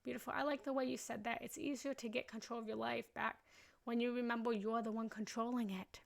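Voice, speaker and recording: Young woman doing a live meditation chat, kinda high voice with lots of vocal fry, all gushy and emotional. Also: steady tone. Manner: gushing and emotional, quick to laugh. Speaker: meditation teacher hosting a live session. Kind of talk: casual live-stream chat.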